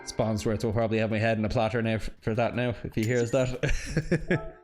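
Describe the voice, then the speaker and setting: A man's voice: fairly low pitch, normal speed, darkish tone, soft background music. A man chatting casually on a livestream while racing, answering viewers and often apologizing mid-sentence. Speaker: sim racing streamer.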